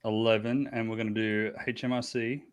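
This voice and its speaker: A man's voice: on the low side, flat delivery, a little fast, clean tone. Guy running a tabletop game, chatty, laughs at himself, lots of restarts. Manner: chatty, self-deprecating, many restarts. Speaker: game master.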